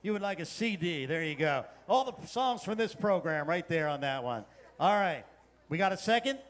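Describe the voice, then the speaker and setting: Delivering a keynote in a conference hall, a man with a high, lively voice speaks at a moderate pace. He playfully coaxes the live audience into joining in.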